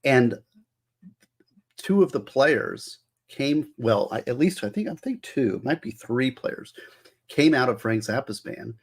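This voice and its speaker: This host is a man with a medium-pitched, slightly rough voice who talks slowly but animatedly. He's running a casual music livestream, rambling enthusiastically to viewers, sharing trivia, and often restarting his phrases.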